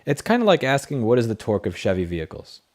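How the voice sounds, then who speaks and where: A man's voice: medium pitch, wildly swooping pitch, quick pace, a little mellow. A man hosting a casual late-night livestream, reading chat questions and answering in a blunt, profane, rambling way through a desk microphone.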